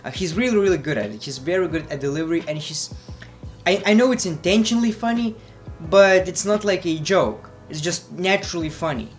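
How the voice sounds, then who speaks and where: A man's voice: high voice, expressive, fairly quick, faint music behind. A man reviewing wrestling in a blunt, sarcastic, profane way, casual vlog style.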